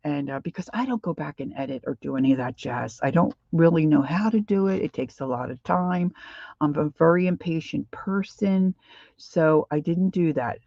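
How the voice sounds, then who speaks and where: A woman's voice: deep voice, moderate pace, dark tone, no room sound, highs cut off. An older woman with a Philadelphia accent, chatting casually on a craft livestream and greeting viewers by name. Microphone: desk microphone.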